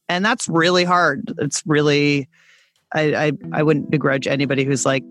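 A woman podcast host talking casually with lots of fillers and restarts, her intonation lively and all over the place. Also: deep voice, normal speed, soft background music. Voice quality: very lively intonation, wide dynamic range. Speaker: podcast host and voice coach, guest. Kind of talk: casual conversation.

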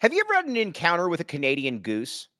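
A man's voice: huge pitch swings, fast, bright, forceful tone, no room sound, clean studio sound. A man hosting a podcast, asking questions and teasing his guest in a jokey way. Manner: jokey, teasing interviewer with swooping pitch. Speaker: podcast host. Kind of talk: casual podcast chat.

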